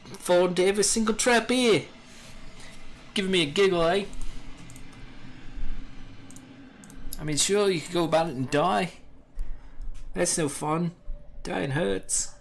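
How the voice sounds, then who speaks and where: A man's voice: sits high, moderate pace, vocal fry. A man voicing a scrappy young male street urchin locked in a prison, cocky and slangy, with his accent sliding toward Scottish. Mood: mocking.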